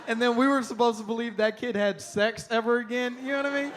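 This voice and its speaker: A man performing a stand-up comedy set on stage, telling stories in an animated, conversational way. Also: extremely high pitch, fast, noisy background.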